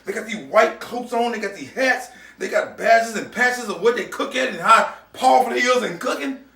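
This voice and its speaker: A man hosting a home cooking show, telling stories loudly and boastfully. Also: very high-pitched, expressive, normal speed, vocal fry. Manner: boisterous, loud, boastful storyteller. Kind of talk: storytelling and cooking demo.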